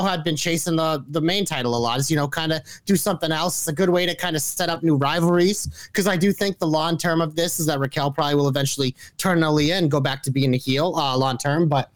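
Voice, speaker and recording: A man co-hosting a wrestling podcast, talking in animated, profane, teasing banter. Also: fairly high pitch, fast, hardly any pauses, no echo. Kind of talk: casual chat.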